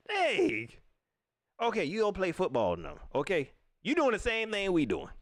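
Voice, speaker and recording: A man hosting a casual sports talk livestream, ranting at viewers in an animated way and laughing often. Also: high voice. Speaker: sports talk show host.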